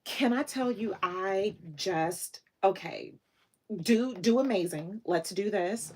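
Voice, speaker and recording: A woman's voice: mid-range voice, takes it slowly, darkish tone, slight background noise. A woman hosting a casual livestream, gushing and encouraging toward her viewers, easily moved to tears. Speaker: livestream host.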